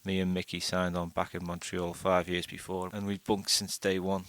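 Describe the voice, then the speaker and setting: A man reading a first-person short story aloud in a steady, unhurried way. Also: low voice, dry recording. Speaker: audiobook narrator.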